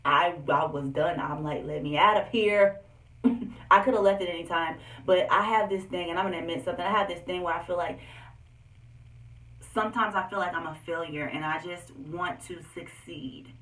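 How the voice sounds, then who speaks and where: A young woman with a slightly low voice talks to her viewers about her own life in a candid, animated way. She sits a little back from the mic, and the room gives her voice a noticeable echo. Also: moderate pace, recorded from a distance. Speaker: vlogger. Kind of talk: personal storytelling vlog.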